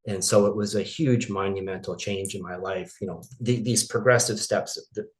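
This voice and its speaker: Fairly low-pitched and steady in tone, a middle-aged man from Maine struggles through a painful personal story as a guest in an interview. His telling is halting and emotional, marked by many restarts.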